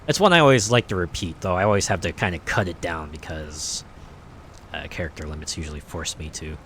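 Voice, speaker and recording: A man's voice: low voice, brisk, fairly bright tone, a little hiss or hum. A man streaming a game, chatting casually in a rambling, hesitant way with many fillers. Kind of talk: casual chat while playing.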